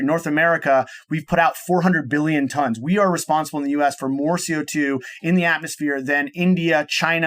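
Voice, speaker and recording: A man's voice: a little high, a bit bright. Eager man explaining with many restarts. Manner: enthusiastic, rambling with many restarts and "and so". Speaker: podcast guest, startup cofounder. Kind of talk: casual explanatory interview talk.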